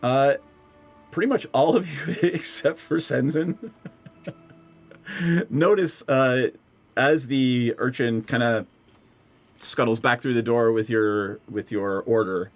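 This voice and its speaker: A man's voice: medium pitch, takes it slowly, pauses often. A man narrating as game master for a tabletop game, in a loose, rambling way with lots of fillers.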